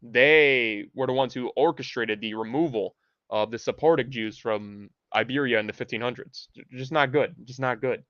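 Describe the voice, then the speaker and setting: A man's voice: mid-range voice, moderate pace, a bit bright, no room sound. A man hosting a rambling livestream monologue in a profane, ranting way, full of restarts. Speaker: livestream host. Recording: dull, dry lo-fi sound.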